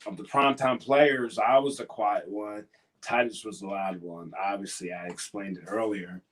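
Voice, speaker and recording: Male interview guest, ex-wrestler, lower register, loose rambling delivery with lots of repeats. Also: steady tone, moderate pace. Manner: rambling, repeats words and restarts. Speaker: former pro wrestler as guest. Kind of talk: casual interview storytelling.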